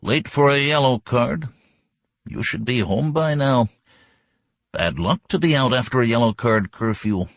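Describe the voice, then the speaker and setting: A man's voice: medium pitch, lively intonation, measured pace, dry recording, highs cut off, voice pushed up. A man voicing mocking male uniformed enforcers who taunt and menace their victim.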